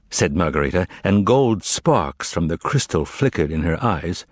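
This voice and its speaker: A man narrating an audiobook with an expressive, lively reading. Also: deep voice, moderate pace, no room sound. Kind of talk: scripted narration.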